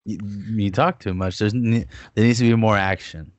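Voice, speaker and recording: A man co-hosts a casual podcast and talks in a blunt, teasing way. His voice sits low, and the recording sounds dull and lo-fi. The sound is dry, with no room echo. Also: steady tone, moderate pace. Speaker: podcast co-host.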